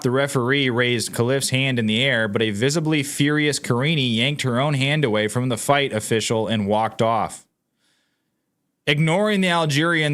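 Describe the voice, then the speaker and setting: Medium-pitched and a bit bright, a man runs his own political commentary channel. He reads news items to his viewers in a casual, emphatic way, clearly incredulous at what he's reading.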